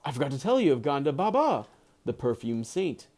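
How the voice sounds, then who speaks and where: A man's voice: medium pitch, very animated, brisk, a little mellow. A man reading aloud voices an eager, talkative young man with a jovial, pressing manner.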